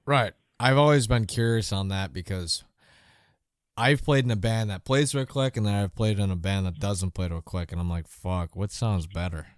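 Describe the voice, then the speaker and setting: Casual, swearing podcast host, lower-voiced man. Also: moderate pace, clear, resonant tone, no echo, clean studio sound. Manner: laid-back, swears a lot, trails off mid-thought. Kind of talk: casual interview chat.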